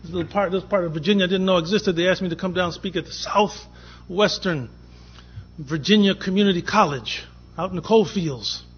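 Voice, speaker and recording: A man speaks at a conference panel in a slightly high, husky voice, spinning a personal story and playing out each line of dialogue. The recording is dull and lo-fi, like an old conference tape. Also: brisk. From from Boston. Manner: anecdotal, acts out dialogue in quotes.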